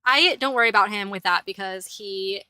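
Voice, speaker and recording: A woman chats on her livestream in a rambling, filler-heavy way. Her voice is bright and clear. It comes through a close mic in a dry space with no echo. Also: mid-range voice, normal speed. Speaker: host. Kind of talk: casual livestream chat.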